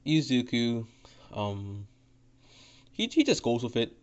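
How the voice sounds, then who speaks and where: A man's voice: mid-range voice, sing-song, takes it slowly, clean tone. Guy rambling thru a fan story, swears a lot, tons of "you know", mid voice, muffled lo-fi audio. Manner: rambling, profane, full of fillers and restarts. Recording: dull lo-fi audio.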